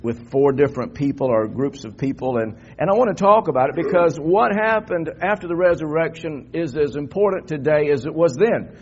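In a church sanctuary, an older pastor with a voice on the high side delivers an Easter sermon, moving from conversational talk into fervent emphasis. The dull lo-fi recording carries a little hiss or hum.

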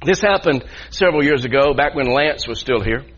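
A man's voice: mid-range voice, expressive, a little fast, fairly bright tone, husky. A male pastor telling a personal story in a sermon, earnest and repeating himself as he builds his point. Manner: earnest storytelling with frequent restarts. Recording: muffled lo-fi sound.

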